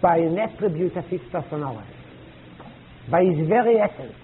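A man's voice: a little high, expressive. Man lecturing on a tinny old tape. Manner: halting, searching for words, rising emphatic questions. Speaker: teacher. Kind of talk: classroom lecture with questions. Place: classroom. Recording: tinny lo-fi old tape recording with faint hiss.

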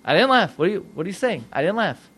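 Guy doing a defensive old matriarch in a sermon retelling, flustered and protesting, bright high voice. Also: very animated, quick pace, husky, exaggerated voice. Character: elderly biblical matriarch denying she laughed, defensive.

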